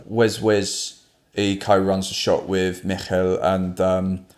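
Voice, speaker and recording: A tattoo artist from Kent, England, appears as a guest and tells stories casually in a low, slow voice. He's animated, swears constantly and slips into different voices.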